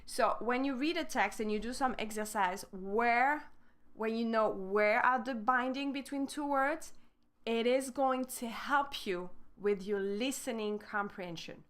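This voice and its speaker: A woman's voice: a little high, measured pace, fairly bright tone. A French-accented woman teaching on a live stream in a chatty, informal way. Her English carries small grammar slips from her French, and she walks through each point step by step. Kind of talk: casual live-stream lesson.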